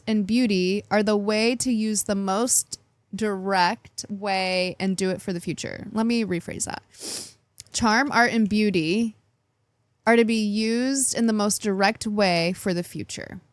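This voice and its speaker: A woman talks through a weekly astrology forecast in a bubbly, chatty way, laughing often. Her voice sits at a middle pitch and is recorded close and dry, with no room around it. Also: dry recording. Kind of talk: casual spoken forecast.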